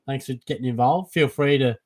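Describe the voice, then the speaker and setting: A young Australian man hosting a casual live Q&A for a fantasy football stream, chatty and relaxed, calling everyone mate. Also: medium pitch, brisk. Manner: laid-back and chatty, calls everyone mate. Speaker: fantasy football livestream host. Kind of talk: casual live Q&A, reading chat questions.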